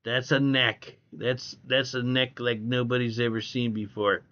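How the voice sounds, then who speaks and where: A man's voice: mid-range voice, level tone, a little slow, sharp tone, dull audio. A man streaming live, reading viewer comments in a blunt, profane way, repeating himself and calling people bro. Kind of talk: casual livestream chat reading viewer comments.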